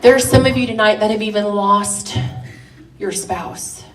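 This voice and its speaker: A woman's voice: medium pitch, measured pace, faint music behind. A middle-aged woman preaching to a women's gathering, passionate and rising to emphatic declarations. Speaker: women's event speaker. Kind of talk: sermon. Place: church hall. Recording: echoey church room, distant mic.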